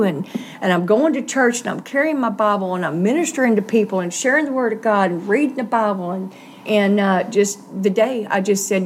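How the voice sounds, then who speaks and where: A woman's voice: medium pitch, fairly quick, a little hiss or hum. A middle-aged woman, earnestly telling a personal story in an interview and acting out the voices she quotes.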